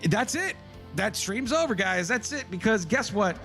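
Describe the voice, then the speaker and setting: A high-pitched man hosts a live stream, his voice going hoarse as he reads out names in quick, excited bursts. Faint music plays behind him. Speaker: livestream host.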